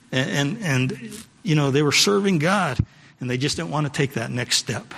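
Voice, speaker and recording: A man's voice: fairly high pitch, lively intonation, moderate pace, creaky, a bit bright, husky. A male pastor preaching a sermon, repeating his points and calling out to the congregation. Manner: preachy, repeats phrases for emphasis, calls to the congregation. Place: church sanctuary. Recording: long hall reverb.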